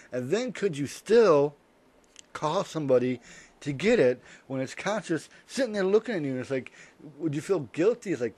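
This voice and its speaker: A man's voice: fairly high pitch, big pitch swings, moderate pace, darkish tone. A man rambling through a comedic monologue, interrupting and correcting himself as he goes. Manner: rambling, hypothetical, self-interrupting. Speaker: vlogger.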